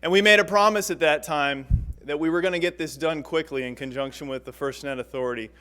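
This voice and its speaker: A man speaks quickly and emphatically from a podium, with a slightly higher voice for a man. He sounds eager and punchy, and he leans on repeated words for stress. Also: bright, forceful tone, clean tone. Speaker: telecom executive speaking at a press event. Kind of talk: public speech at a podium.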